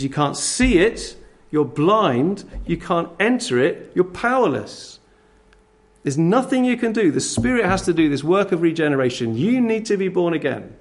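A man preaching a sermon. He speaks emphatically and addresses his listeners directly with commands. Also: a little high.

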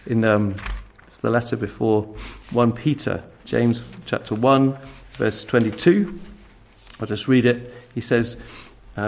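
A man's voice: mid-range voice, moderate pace. A man preaching a sermon in a conversational way, often restarting his sentences.

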